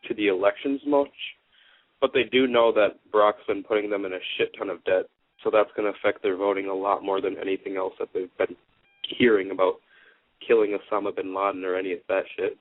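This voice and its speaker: A man's voice: fairly low pitch, little pitch movement, a little fast, no echo. A man calling into a radio show, talking bluntly and casually with some swearing. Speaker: caller. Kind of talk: call-in radio chat. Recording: dry, tinny phone line.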